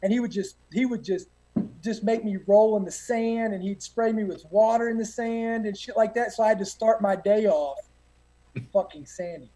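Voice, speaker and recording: A man's voice: high voice, normal speed, warm tone, slight background noise, low-quality recording. A man, a guest telling boot camp stories in a rambling, profane way with many fillers. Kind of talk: casual storytelling.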